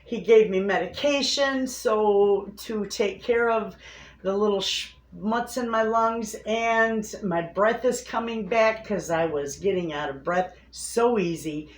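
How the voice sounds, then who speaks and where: A woman's voice: mid-range voice, slow pace, a little hiss or hum. Chatty homestead vlogger woman, roomy sound. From Michigan, USA. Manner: chatty, addresses viewers as friends. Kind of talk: casual chat to camera. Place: room in her home.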